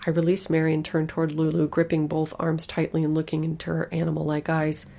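Female horror narrator: gravelly, hushed, breathy delivery. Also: deep voice, completely flat delivery, fast, slight background noise. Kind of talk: scripted horror story narration.

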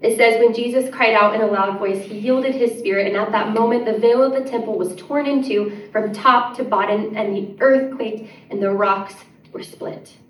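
A woman's voice: fairly high pitch, fairly even intonation, normal speed, hardly any pauses, recorded from a distance, slight background noise. Earnest woman preaching in an echoey church. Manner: earnest, rising to emphatic, drops to soft prayer. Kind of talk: sermon. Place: church sanctuary. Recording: echoey church room, mic set back.

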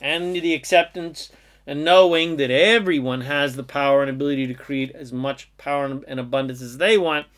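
Self-help teacher, male, slightly high pitch, emphatic preachy delivery. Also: steady tone, moderate pace, fairly bright tone. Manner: emphatic, lists things in long run-on strings. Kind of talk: motivational monologue.

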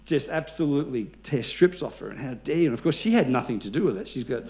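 Lively pastor preaching to a congregation. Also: male voice, medium pitch, fast. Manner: lively storytelling with congregation call-and-response. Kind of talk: sermon.

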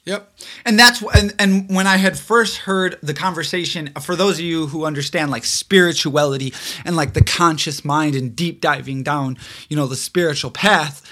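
Excitable high-voiced young man chatting. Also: normal speed. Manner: excitable, animated, trails off and restarts. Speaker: podcast co-host. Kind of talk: casual chat.

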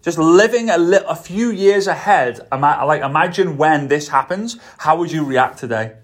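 A man's voice: fairly high pitch, lively intonation, moderate pace. A man with a Liverpool Scouse accent hosting a solo podcast as a network marketing coach, talking in an enthusiastic, sing-song way and repeating words for emphasis. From Liverpool, England.

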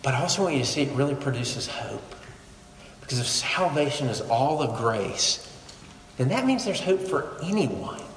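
A man preaching a sermon in a conversational, animated way, with sudden quiet drops. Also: mid-range voice, moderate pace, a crowd in the background. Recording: echoey hall, faint room noise.

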